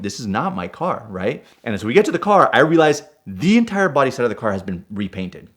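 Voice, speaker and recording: A man in his forties telling a personal story in an animated way. He builds up heat as he goes and keeps checking in with "right?". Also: medium pitch. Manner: gets fired up and loud while retelling; punctuates with "right?". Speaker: guest storyteller.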